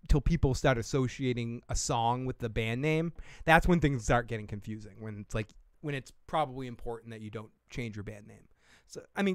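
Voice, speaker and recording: A man's voice: medium pitch, clean tone, dry recording, studio quality. A man hosting a casual live-stream podcast, rambling and joking with viewers while drinking, swearing freely. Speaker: podcast host.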